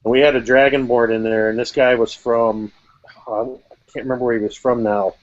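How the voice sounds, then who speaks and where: A man's voice: medium pitch, level tone, brisk, no echo. A man who runs tabletop games, chatting casually and hesitantly and often repeating words. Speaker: game master and host. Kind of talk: casual chat. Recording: dull lo-fi call.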